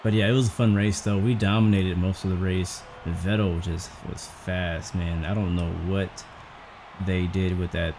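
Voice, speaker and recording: A low-voiced man gives casual, rambling commentary over a racing game, thinking out loud as he goes. He sounds out of breath and keeps a chatty, unhurried flow. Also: level tone, background noise. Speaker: gaming channel host.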